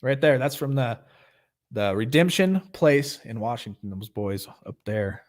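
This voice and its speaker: A man's voice: mid-range voice, expressive, measured pace. A man hosting a livestreamed recovery meeting, talking in an earnest, loose and conversational way and leading a short group prayer. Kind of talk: casual livestream meeting talk. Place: home, livestream.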